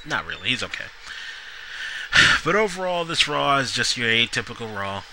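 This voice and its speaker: A man's voice: medium pitch, big pitch swings, moderate pace, pushed and bright, a little hiss or hum, rough recording. A man reviewing a wrestling show in a casual, rambling solo vlog, full of asides and restarts. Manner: rambling, lots of fillers and restarts.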